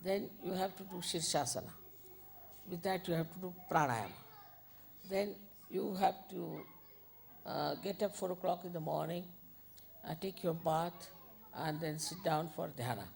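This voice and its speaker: A woman spiritual teacher, giving an informal, unhurried talk with gentle asides. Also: on the low side, creaky, slight background noise.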